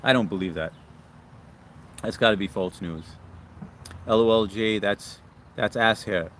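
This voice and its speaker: A man with a low voice hosts a casual live stream outdoors, chatting in a loose, laid-back way as he reads comments aloud. Traffic and general city noise come through clearly behind him. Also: a little slow, fairly bright tone. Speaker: live stream host reading chat. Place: outdoors near a yard with brush.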